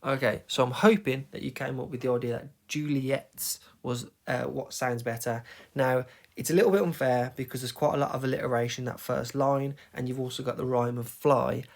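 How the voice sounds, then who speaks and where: A man's voice: mid-range voice, fairly even intonation, moderate pace, vocal fry. Male teacher explaining, with frequent "okay?". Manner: emphatic, tapping out rhythms, frequent "okay?" check-ins. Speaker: English teacher. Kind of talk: recorded video lesson.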